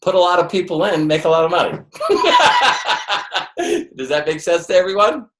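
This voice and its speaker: A man with a slightly high, steady, somewhat bright voice speaks quickly, delivering an emphatic motivational network marketing training to a live audience. He fires off rhetorical questions and acts out the voices he quotes, in a room with noticeable echo.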